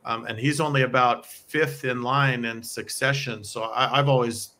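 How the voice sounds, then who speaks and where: A man's voice: mid-range voice, steady tone, normal speed, bright, forceful tone. An American man co-hosting a casual chat about church talks, explaining things at length and laughing often, speaking from home. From United States. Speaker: podcast co-host. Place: home in Provo, Utah.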